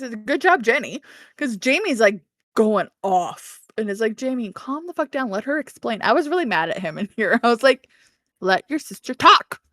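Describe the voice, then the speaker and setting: A woman's voice: mid-range voice, fairly bright tone, no room sound, clean studio sound. A woman co-hosting a book podcast, casually recapping chapters, laughing often and acting out characters' lines. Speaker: podcast co-host.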